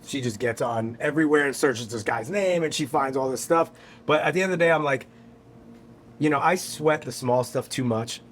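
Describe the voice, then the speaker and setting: A man from New York, a guest musician, telling a story on a podcast in a casual, animated, profane way. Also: medium pitch, normal speed, slight background noise. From New York, USA. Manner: animated, profane, acts out quotes.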